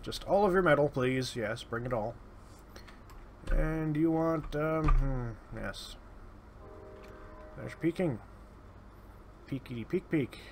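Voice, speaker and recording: Slow-talking man muttering game commentary. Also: mid-range voice, slight background noise. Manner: mutters through item lists, sardonic asides. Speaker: let's play host. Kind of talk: casual gameplay commentary. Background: keyboard typing.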